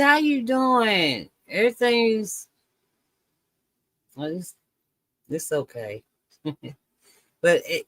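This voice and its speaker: Slow, drawling woman co-host. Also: medium pitch, no echo. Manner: drawling, says "girl" and "y'all". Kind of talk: casual chat.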